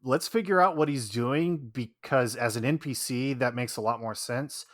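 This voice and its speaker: A man guesting on a podcast, chatting casually about his game character, laughing often and trailing off quietly at the ends of thoughts. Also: medium pitch, normal speed, no room sound, clean studio sound.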